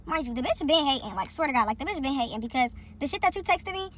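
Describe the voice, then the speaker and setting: A woman tells a story as a heated, profane rant. Her voice sits high and her words come fast. Faint background noise runs under her voice. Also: lively intonation.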